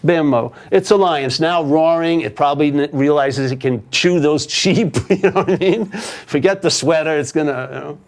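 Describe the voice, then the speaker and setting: A man, a spiritual teacher, telling a story casually and often checking in with "yeah?". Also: mid-range voice. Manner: casual, animated, tags with "yeah?". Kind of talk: storytelling in a conversation.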